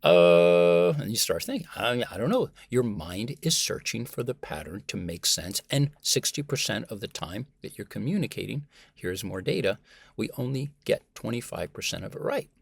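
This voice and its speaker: An American man, a communication professor, talking as a guest in a conversational interview, animated and emphatic. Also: fairly low pitch, moderate pace, gravelly, slightly rough, dry recording. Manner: animated and emphatic, acts out example voices.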